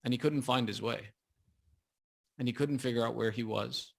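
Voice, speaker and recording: A man preaching a sermon, retelling a story in a lively, dramatic way. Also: mid-range voice, normal speed, creaky.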